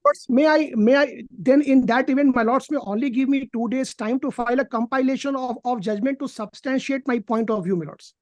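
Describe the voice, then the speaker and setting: Indian woman lawyer, kinda high voice, dry close sound, keeps saying my lords, stumbles a lot. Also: darkish tone, no room sound. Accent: Indian English. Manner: deferential, halting, repeats "my lords". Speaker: advocate. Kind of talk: courtroom argument. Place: courtroom, on a video hearing feed.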